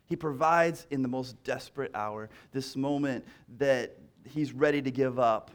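A man's voice: mid-range voice, a little slow, clean tone. A male pastor preaching a sermon in a conversational way, repeating key lines and restarting phrases as he talks.

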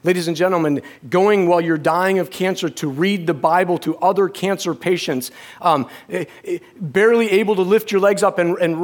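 Telling a personal story within his sermon, a middle-aged preacher stumbles through halting restarts and at times sinks to a hush. He has a high voice.

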